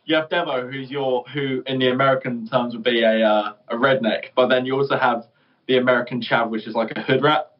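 A man's voice: medium pitch, fairly quick. Laughing English male guest. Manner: laughing, animated storyteller. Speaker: band member guest. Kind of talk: casual interview chat. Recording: dull podcast sound.

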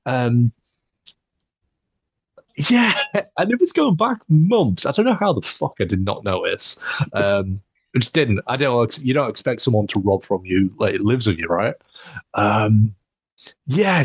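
A young man hosting a podcast rambles through a story full of swearing and laughter in a casual, chatty storytelling mode. His voice is mid-range, and the recording has no room sound.

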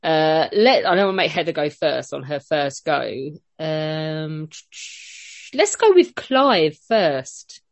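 A woman's voice: deep voice, big pitch swings, slow pace, dry recording. Woman host, chatty and teasing, dry close audio. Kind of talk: casual online panel chat.

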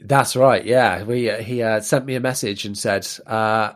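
Chatty male bass podcast host. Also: fairly even intonation, normal speed. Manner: chatty and self-deprecating, explains at length. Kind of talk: casual podcast chat.

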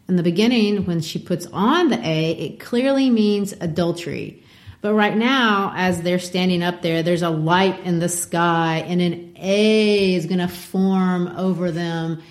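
A woman co-hosting a literary discussion, animated and reading quotes aloud. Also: fairly low pitch, echoey room. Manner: animated, reads quotes with voices. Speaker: podcast co-host.

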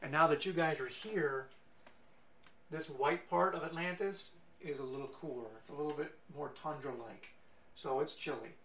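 Casting: a man running a tabletop game, a rambling narrator pitched a bit high, recorded in an echoey room. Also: normal speed, a bit bright. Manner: rambling with fillers and restarts. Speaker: game master. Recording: echoey room from far off with faint noise.

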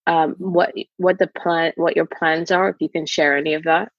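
A woman's voice: low-pitched, steady tone, normal speed, no room sound, dull audio. A woman interviewer who asks questions hesitantly, rephrasing as she goes, over a video call.

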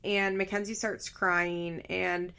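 A woman's voice: lowish voice, level tone, slow pace, vocal fry, sharp tone, clean tone. A woman giving casual, blunt commentary on a reality show, swearing often and sharing her opinions.

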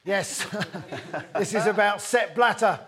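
A man's voice: sits high, takes it slowly, a bit bright. A man hosting a comedy football quiz, joking with the panel and addressing the audience. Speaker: host and quizmaster. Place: stage before a live audience. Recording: live audience laughter behind.

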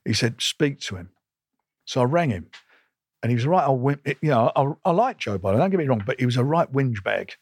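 A man's voice: mid-range voice, expressive, brisk, darkish tone, slightly rough. An older man, a boxing promoter, telling blunt stories in an interview with emphatic repeats and restarts. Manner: emphatic, repetitive, combative, stumbles and restarts.

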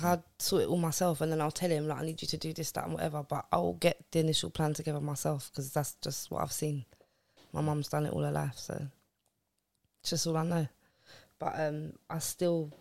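A woman's voice: low-pitched, creaky, darkish tone, no echo. A woman talking frankly and plainly in a casual chat.

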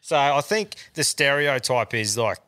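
A man's voice: mid-range voice, lively intonation, measured pace, sharp tone, smooth. An Australian man hosting a podcast, rambling and swearing freely in crude casual banter. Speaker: podcast host.

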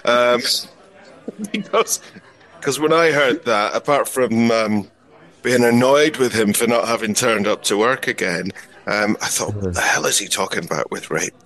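A man's voice: lowish voice, unhurried, a bit bright. A man hosting a comedy radio show who chats casually and rambles with hesitant fillers. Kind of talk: casual chat.

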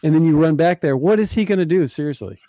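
A man's voice: a little high, expressive, fast, warm tone, no echo. Reflective man in casual chat. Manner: reflective, rambling with restarts.

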